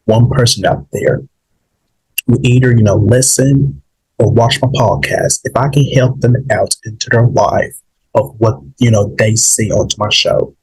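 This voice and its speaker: A man hosting his own podcast, rambling and halting with many fillers and restarts, emotional and holding back tears. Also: mid-range voice, darkish tone, slightly rough, low-quality recording. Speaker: podcast host. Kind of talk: emotional solo podcast monologue.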